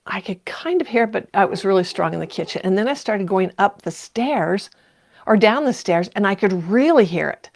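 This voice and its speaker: Older woman, livestream host, gravelly touch, chatty and quick to laugh. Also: mid-range voice, expressive. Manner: chatty, laughs often, reads viewer comments aloud. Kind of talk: casual live-stream chat.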